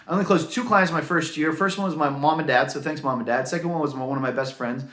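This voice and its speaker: A man's voice: fairly high pitch, fast talker, fairly bright tone, echoey room. A man telling his own career story in an earnest, heartfelt way, with many fillers. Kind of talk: personal story to camera.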